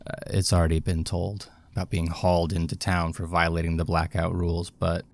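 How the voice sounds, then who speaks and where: A guilt-ridden young man confesses in hesitant fits and starts, as a man plays him. His voice is very deep and gravelly, with a flat, heavy delivery and slow pacing. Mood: heavy, sombre.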